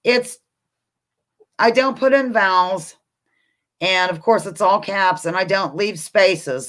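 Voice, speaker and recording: A woman's voice: medium pitch, slow, long pauses, a bit bright. A woman hosting a casual live-stream quiz from home, chatting with viewers, reading their comments aloud and talking to her dog. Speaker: livestream host. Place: home, indoors.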